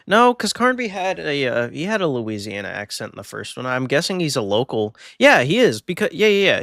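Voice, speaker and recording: A man's voice: medium pitch, pushed and bright, no echo, clean studio sound. Rambling male game streamer. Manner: rambling, thinking aloud with fillers. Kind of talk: casual gameplay commentary.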